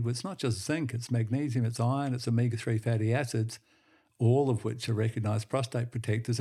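A man hosting a health segment, explaining in brisk lists in a casual monologue. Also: mid-range voice, warm tone.

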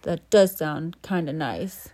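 A solitary female dragon who keeps to her tower, with a woman reading her part speaks in a lowered, unhurried voice. Her lines come out plain and matter-of-fact, like improvised bedtime play. The sound is dry and close, with no room echo. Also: lively intonation, mellow. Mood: warming. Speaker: parent joining a child's made-up story.

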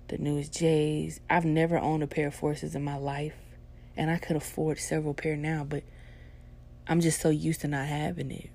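A woman's voice: low voice, gravelly, dark tone. A young adult woman telling a personal story in a casual, laid-back and profane way.

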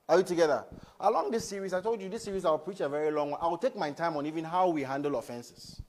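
A man preaching a sermon in a church. He swings between loud emphasis and quiet asides and keeps asking the congregation questions. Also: on the high side, quick pace. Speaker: pastor.

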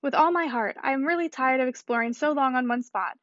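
Pompous, affected society wife, read by a woman, brisk and high, dry slightly dull sound. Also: fairly bright tone, no echo. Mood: haughty. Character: pompous self-important married woman. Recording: slightly muffled dry recording.

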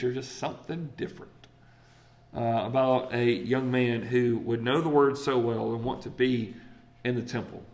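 A man preaching a sermon in a casual, conversational way, acting out voices and checking in with the congregation. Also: mid-range voice. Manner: conversational and animated, acts out voices, asks the crowd "right?". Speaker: pastor.

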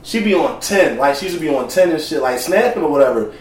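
A man's voice: a little high, expressive, fast, slight background noise. A man in casual chat with friends, telling stories in laid-back slang with plenty of profanity. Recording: roomy, mic at a distance.

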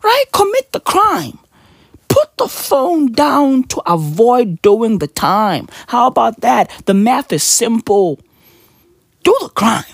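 A man hosting a comedic podcast, ranting in a mocking, profane way, firing rhetorical questions and often jumping up into high, yelping exclamations. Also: big pitch swings, slow, creaky, no echo, studio quality. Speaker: podcast host.

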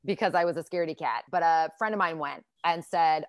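Fast-chatting woman from Connecticut. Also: deep voice. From central Connecticut, US. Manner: quick, chatty, lots of fillers. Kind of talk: casual chat.

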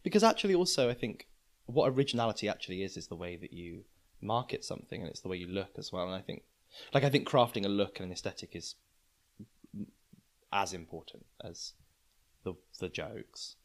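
A man's voice: lowish voice, expressive, a little fast. A man in his twenties, a guest comedian, musing aloud in a casual chat and often restarting his sentences.

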